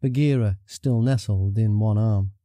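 A man reading a fantasy audiobook in a measured, even storytelling manner. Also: fairly low pitch, no echo, studio quality. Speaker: audiobook narrator. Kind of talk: scripted story narration.

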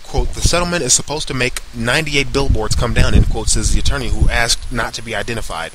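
A man with a voice of ordinary middle pitch reads a news article aloud, tripping over words and backing up to fix them. Now and then he breaks off to add a sarcastic remark of his own. A clear hiss and scattered clicks run under the whole recording. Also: quick pace. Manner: stumbles and corrects himself while reading. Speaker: commentator reading an article aloud.

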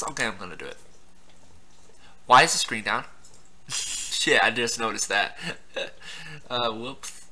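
A man's voice: medium pitch, animated, slow pace, pauses often, sharp tone. A young man giving casual let's-play commentary, laughing often, swearing and yelping at surprises in the game. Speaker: gameplay commentator.

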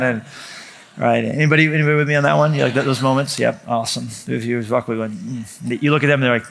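A man delivers a sermon as a pastor. His voice sits at an ordinary middle pitch. He moves from measured scripture reading into lively, self-mocking storytelling, stumbling over restarts as he builds up a story. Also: gravelly. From United States. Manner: conversational and animated, self-deprecating storytelling with repeated restarts.

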